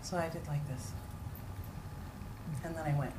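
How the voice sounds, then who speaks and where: Woman, group teacher, lively storytelling, sudden loud cries, noisy background. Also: low voice, measured pace. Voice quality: animated, acts out moments with sudden loud cries. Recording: noisy room ambience.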